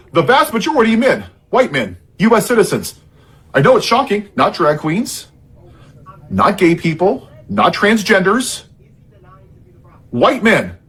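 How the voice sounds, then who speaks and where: A man's voice: high voice, fairly bright tone, husky. A man in an impassioned political rant, angry and heavily sarcastic, sounding worked up and frustrated. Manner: angry and sarcastic, heavy irony.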